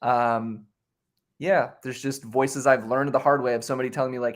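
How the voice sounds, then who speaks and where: A man speaking as a guest on a live stream, an improv performer talking in a relaxed, chatty way. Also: medium pitch, moderate pace. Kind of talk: casual conversation.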